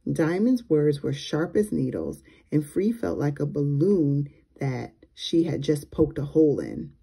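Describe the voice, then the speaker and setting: A woman teacher reads a children's chapter book aloud in a gentle, measured way. Her voice sits low and moves slowly. It has a warm, mellow, breathy softness. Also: big pitch swings.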